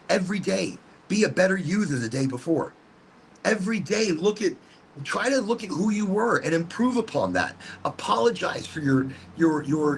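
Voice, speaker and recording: A man's voice: on the high side, gravelly, slight background noise. A man hosting a casual motivational smoke session outdoors in a garden, rambling and upbeat with a preachy streak. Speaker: host. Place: outdoors in a hot botanical garden.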